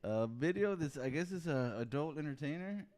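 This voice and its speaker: Guy on a podcast, bit higher voice, laughs a lot, swears casually. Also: animated, fairly quick, darkish tone. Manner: laughing, loose, profane. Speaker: podcast co-host. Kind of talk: casual chat.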